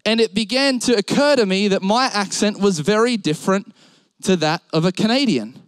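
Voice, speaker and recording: A man's voice: high voice, animated, normal speed, smooth, no room sound. A young Australian man preaching a sermon, mixing humorous stories with Bible quotes. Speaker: pastor.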